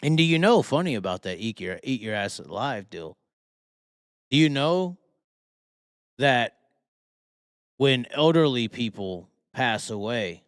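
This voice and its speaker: A man's voice: mid-range voice, lively intonation, measured pace, long pauses, no echo, clean studio sound. A man hosting a live talk show, ranting heatedly with constant swearing and rhetorical questions. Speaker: host. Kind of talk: profane live-stream rant.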